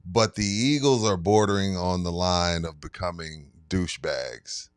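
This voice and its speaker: A man's voice: low-pitched, unhurried, clear, resonant tone, dry recording, clean studio sound. A man co-hosting a sports podcast, ranting in an emphatic, heated way. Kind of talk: casual sports chat.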